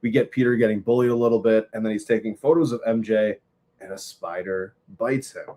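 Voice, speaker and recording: Measured man recapping a film plot. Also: lowish voice, fairly even intonation, mellow. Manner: measured, steers the talk back on topic. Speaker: co-host, film reviewer. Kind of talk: casual podcast chat.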